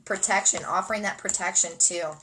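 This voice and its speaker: A woman's voice: lowish voice, fairly quick, bright, forceful tone, a little hiss or hum, poor audio. A woman giving a spontaneous spiritual card reading, dreamy and emotional, often repeating phrases. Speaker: oracle card reader and energy healer.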